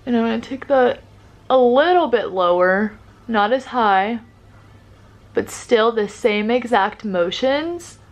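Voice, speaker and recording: Young woman, upbeat beauty vlogger, casual tutorial chat. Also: medium pitch. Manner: chatty, upbeat, says "like" often.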